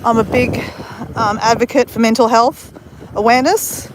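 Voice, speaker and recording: A woman's voice: fairly high pitch, steady tone, moderate pace. A woman chatting on a live stream outdoors on a beach, rambling and answering viewers as she talks. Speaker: vlogger. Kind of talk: casual live-stream chat. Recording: wind buffeting the mic outdoors.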